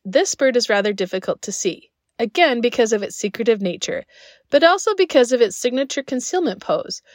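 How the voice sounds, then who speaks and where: Cheerful higher-voiced woman podcast host. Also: dry recording, clean studio sound. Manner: friendly, enthusiastic, with chatty personal asides. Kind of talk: scripted podcast narration.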